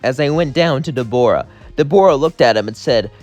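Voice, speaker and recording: A man's voice: mid-range voice, animated, fairly quick, a little mellow, soft background music. A young man casually narrating his own fan-fiction adventure, rambling and acting out every character himself. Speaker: storyteller.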